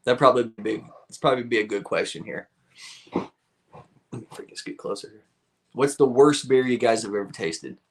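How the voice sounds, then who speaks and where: A man's voice: mid-range voice, expressive, normal speed, long pauses. A man hosting a live stream, chatting casually with viewers, rambling, laughing often and swearing freely.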